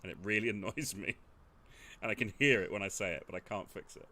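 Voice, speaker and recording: Guy, lowish voice, bright and forward, wry game chatter. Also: quick pace. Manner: wry, self-deprecating, laughs often. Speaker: game player. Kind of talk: casual chat while playing a game.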